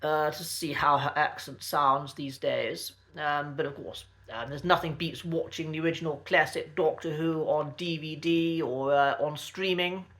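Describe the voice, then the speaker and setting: A man giving a casual spoken lesson to camera, polite and measured, pausing often with ums and uhs and restarting his sentences. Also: on the high side, steady tone, pushed and bright. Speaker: accent coach.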